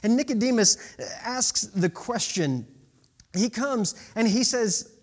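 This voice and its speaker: A man's voice: high-pitched, takes it slowly. A man in his thirties preaching a sermon in a conversational way, with asides and rhetorical questions. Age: 30s. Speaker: pastor.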